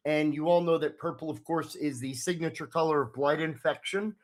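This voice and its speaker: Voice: mid-range voice, steady tone, a little fast. A game master narrating a tabletop role-playing scene in a loose, rambling way with many fillers.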